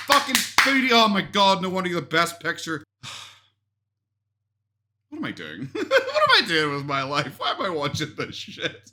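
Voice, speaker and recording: A man's voice: sits high, huge pitch swings, moderate pace, bright, forceful tone. A man doing mocking reaction commentary into a desk microphone, swearing and laughing often. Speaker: commentary youtuber reacting to a vlog. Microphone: desk USB microphone.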